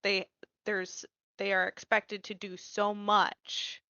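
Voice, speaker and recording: A woman's voice: mid-range voice, level tone, slow, sharp tone, no room sound, dull audio. A woman co-hosting a podcast in casual chat, hesitant and full of "um" and restarts. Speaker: podcast co-host.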